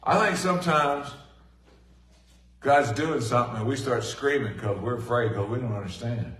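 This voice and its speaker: A middle-aged man preaching a sermon in a folksy, animated way, swinging from loud bursts to hushed asides. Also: mid-range voice, normal speed. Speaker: pastor. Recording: echoey room from a distant mic.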